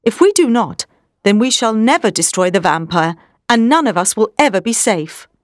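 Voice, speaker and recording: A woman's voice: mid-range voice, sing-song, moderate pace, no room sound, clean studio sound, lightly acted. A woman reading the lines of a stern elderly male professor who hunts vampires, in a firm, commanding way. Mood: grave.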